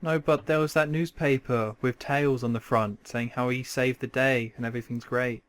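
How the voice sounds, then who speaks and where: Young man chatting fast and sarcastically. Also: medium pitch, steady tone. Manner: quick, chatty, sarcastic asides. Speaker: podcast host. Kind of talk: casual chat.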